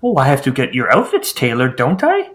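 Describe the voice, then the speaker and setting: A man voicing a pompous, fussy noble lord in a tabletop game, talking in a slow, theatrical aristocratic drawl. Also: medium pitch, huge pitch swings, a bit bright.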